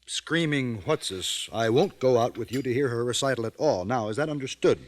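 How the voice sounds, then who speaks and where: An actor playing a stern, teasing middle-aged father in a 1950s radio drama, measured and firm. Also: medium pitch, animated, close to an everyday voice. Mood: fond.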